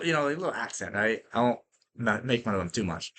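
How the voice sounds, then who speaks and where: Lively, bright-voiced podcast host. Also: male voice, medium pitch, fast talker. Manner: energetic and profane, full of fillers like "right?". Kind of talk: casual storytelling monologue.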